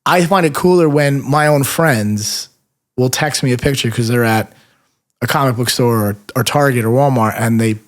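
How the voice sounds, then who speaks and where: A man's voice: mid-range voice, normal speed. A man, a toy painter guesting on a podcast, talking casually and acting out fans' reactions in his stories. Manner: animated storyteller who acts out fan reactions; self-deprecating, many fillers and restarts.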